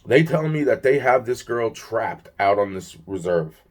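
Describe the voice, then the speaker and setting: A man's voice: medium pitch, lively intonation, measured pace. A young man telling a personal story in an agitated, rambling way, swearing often and restarting his sentences. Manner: agitated, profane, many restarts and fillers.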